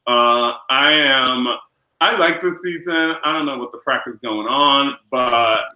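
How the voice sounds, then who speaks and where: A man's voice: medium pitch, a little slow, pushed and bright. Campy male host in an echoey room. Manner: campy, swears casually, many filler uhs. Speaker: podcast host. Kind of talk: casual chat.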